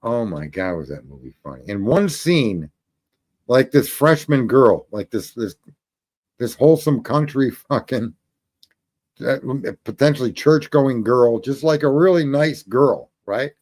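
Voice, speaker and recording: A man's voice: medium pitch, lively intonation, unhurried, darkish tone. A man hosting a call-in livestream, telling stories in a rambling, profane, casual way and laughing at his own jokes. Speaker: call-in show host.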